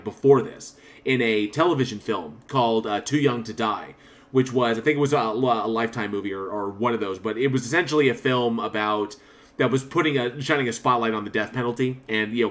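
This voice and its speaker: A man co-hosting a horror podcast in casual chat. His voice sits at an ordinary middle pitch. He rambles through his points, swears freely and laughs often. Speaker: podcast co-host. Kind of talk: casual film review chat.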